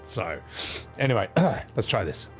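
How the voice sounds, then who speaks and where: A man's voice: on the low side, big pitch swings, unhurried. Rambling streamer man. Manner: rambling, reading chat aloud with fillers. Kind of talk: casual chat with viewers. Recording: faint game music behind. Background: faint game music.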